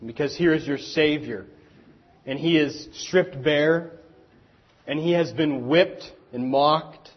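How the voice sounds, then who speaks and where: A pastor preaching a sermon in an earnest, deliberate way with dramatic pauses, also turning to speak to the children. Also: male voice, a little high, lo-fi sound. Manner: speaks directly to children in the congregation.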